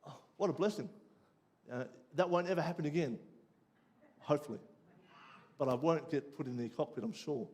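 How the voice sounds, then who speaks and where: Australian pastor telling a lively story. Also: male voice, normal speed, long pauses. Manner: lively storytelling, dropping low and quiet for the lesson. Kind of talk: sermon with personal story. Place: church.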